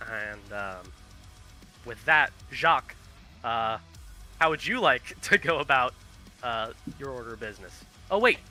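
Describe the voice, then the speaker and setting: A man's voice: mid-range voice, moderate pace, pushed and bright, soft background music. A man running a tabletop game as game master, casual and swearing, often laughing.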